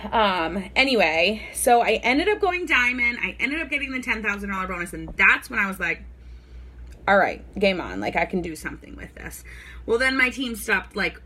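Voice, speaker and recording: A woman's voice: fairly high pitch, bright, forceful tone. A young woman vlogger telling her own story in a casual, rambling way, full of "like" and "y'all". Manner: chatty, rambling, lots of "like" and "y'all". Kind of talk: casual talking-to-camera storytelling.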